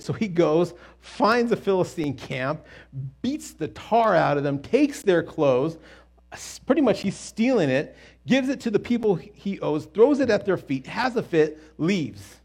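Husky guy telling bible stories casually, jokey asides, pitch all over. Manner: animated and jokey, with quick asides and restarts. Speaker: Bible teacher.

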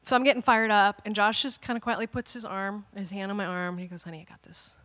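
Woman pastor, 30s, bright storyteller from the pulpit, lively and a little self-mocking. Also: mid-range voice, quick pace, big-room sound. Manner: animated, dramatic storytelling with playful asides. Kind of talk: sermon storytelling.

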